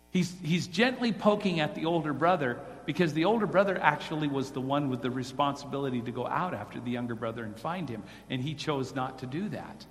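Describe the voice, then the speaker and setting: A man preaches to his congregation in a fairly high voice and asks his listeners direct questions. His voice carries through a church hall with a long reverb. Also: lively intonation, normal speed, a bit bright. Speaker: pastor. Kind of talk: sermon.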